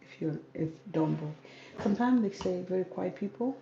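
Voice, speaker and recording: A woman from South Sudan, speaking calmly and softly in a casual livestream Q&A as a YouTuber, reading out viewer comments. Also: mid-range voice, brisk, reverberant, dull audio, a little hiss or hum. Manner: calm, soft-spoken, reads out viewer comments. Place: home room with ring light. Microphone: camera on ring light.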